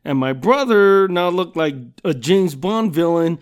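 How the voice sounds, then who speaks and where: Animated and high-pitched, this podcast host tells raunchy funny stories at a measured pace in a clean-sounding recording. Profanity flows nonstop, punctuated by "you know what I'm saying."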